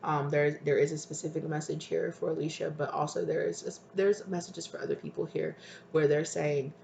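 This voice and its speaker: Tarot reader, soft and hesitant, mid-pitched, echoey room with light background noise. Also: little pitch movement, fairly quick, creaky. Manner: soft, tender, hesitant, calls listeners "my love". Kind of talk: intuitive tarot reading to viewers. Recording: roomy with faint ambient noise.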